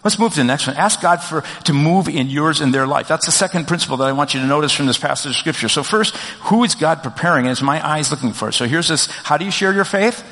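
A man's voice: a little high, lively intonation, fast, few pauses, sharp tone. A man pastor giving a conversational sermon, asking the congregation questions as he goes. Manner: conversational preaching with rhetorical questions. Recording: long reverb of a large hall.

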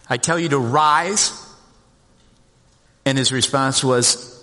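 A man's voice: mid-range voice, slow, pauses often, pushed and bright. A man preaching a sermon as pastor, earnest, with repeated words and restarts as he goes. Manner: earnest, repeats words, quotes scripture in small voices. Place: church sanctuary. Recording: long hall reverb.

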